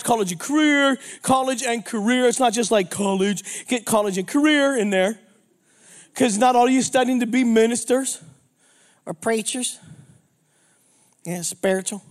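A traveling minister in his fifties from Pittsburgh, United States, preaches an energetic, joking sermon in a very high voice. He frequently throws questions out to the congregation.

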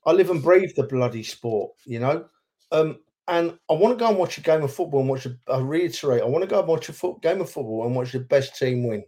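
A man's voice: on the high side, expressive, a little fast, dark tone. A man co-hosting a football podcast, talking with feeling and repeating himself for emphasis. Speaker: podcast co-host, football fan. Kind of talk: casual chat.

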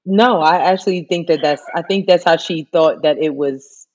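A woman's voice: sits low, normal speed, darkish tone. A woman co-hosting a casual podcast, chatting about the news with many restarts and fillers. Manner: chatty, lots of likes and restarts. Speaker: podcast co-host. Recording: dull lo-fi sound.

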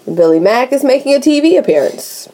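Mellow-voiced woman podcast co-host. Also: high voice, sing-song. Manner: recaps scenes with quick asides and frequent laughter. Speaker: podcast co-host recapping a film. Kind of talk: casual chat.

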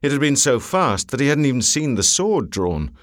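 A man narrating an audiobook in a measured, expressive storytelling manner, close to a studio mic. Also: mid-range voice, no room sound. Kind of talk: scripted narration.

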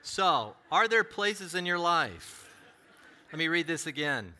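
Man, middle-aged, pastor, sermon, animated storytelling, very bright tone. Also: on the high side, slow. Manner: animated storyteller, acts out voices with big swings in loudness.

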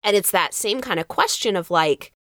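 A woman pastor co-hosting a podcast, chatting in an animated way, laughing easily and acting out quotes. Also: mid-range voice, brisk, dry recording, clean studio sound. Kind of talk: casual chat.

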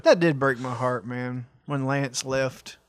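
A man's voice: medium pitch, slow pace, no echo. A male podcast co-host in casual chat, full of profane, teasing banter.

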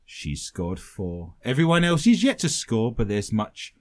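A British male radio host bantering with his co-hosts. His pitch swings freely as he teases them with dry jokes and reads listener letters aloud. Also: very animated, a little slow. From Britain. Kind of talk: bantering radio show chat.

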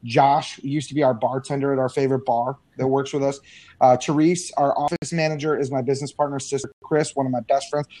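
A middle-aged man talking casually as an interview guest, telling energetic stories with frequent fillers and restarts. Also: mid-range voice, brisk, no room sound. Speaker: guest, business owner.

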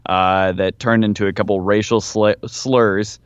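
A man's voice: on the low side, steady tone, a little slow, clean tone, dry recording, muffled recording. A man co-hosting a sports podcast, talking in a laid-back, matter-of-fact way. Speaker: podcast co-host. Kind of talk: casual sports chat.

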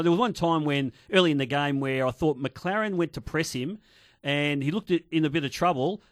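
Aussie footy pundit raving about players, slightly higher voice, dry studio sound. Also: male voice, dry recording. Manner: enthusiastic, full of praise, many restarts. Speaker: radio football pundit. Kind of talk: casual match analysis on radio. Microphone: studio microphone.

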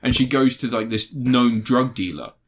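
Animated man telling film stories. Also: mid-range voice, normal speed, breathy edge. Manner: animated storyteller, acts out film scenes with funny voices and laughter. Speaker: podcast host. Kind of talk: casual chat about films.

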